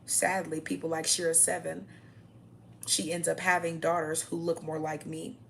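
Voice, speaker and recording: A woman's voice: sits low, little pitch movement, moderate pace, vocal fry, a little hiss or hum. A young adult woman ranting to camera in a blunt, mocking, profane way, often tagging her points with "okay?". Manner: repeats "okay?" as a tag. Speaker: vlogger.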